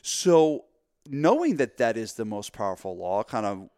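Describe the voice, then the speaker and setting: A man co-hosting a casual podcast about gym marketing, telling an animated story and acting out voices. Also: mid-range voice, measured pace, clean tone, dry recording, clean studio sound.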